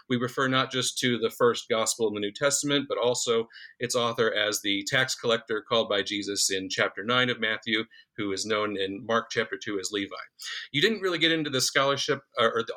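A man hosting a book interview podcast, reading out measured questions with many filler words. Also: mid-range voice, pushed and bright. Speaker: podcast host.

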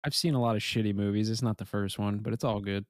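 A man's voice: lowish voice, fairly even intonation, fast talker, dry recording, studio quality. A man co-hosting a podcast in casual chat, laid-back and joking. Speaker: podcast co-host.

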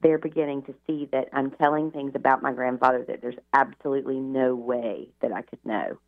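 A woman's voice: a bass voice, steady tone, a little fast, vocal fry. A middle-aged woman, a radio interview guest, telling her life story in a chatty way, full of "you know" asides. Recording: tinny phone line on radio.

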